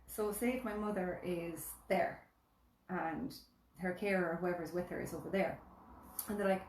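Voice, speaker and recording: A woman's voice: on the low side, fairly even intonation, moderate pace, a little mellow, distant mic, a little hiss or hum. A woman chatting casually as a co-host, telling stories with dry humour. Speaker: guest co-host. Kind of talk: casual live chat. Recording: echoey room, off-mic.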